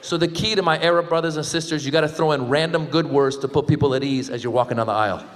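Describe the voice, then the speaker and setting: A man from the Middle East doing a stand-up comedy set on stage, animated and quick to slip into exaggerated voices. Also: a little high. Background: audience laughter.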